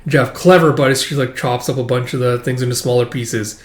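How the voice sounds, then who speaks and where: A man's voice: mid-range voice, steady tone, moderate pace. Rambling man recapping a manga. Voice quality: rambling, swears, lots of likes and uhs. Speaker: manga reader and commentator. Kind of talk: casual chat recapping a manga. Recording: roomy echo.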